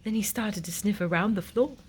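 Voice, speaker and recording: A woman reading a children's picture book aloud in an expressive, sing-song way. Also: medium pitch, brisk, husky. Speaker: storyteller.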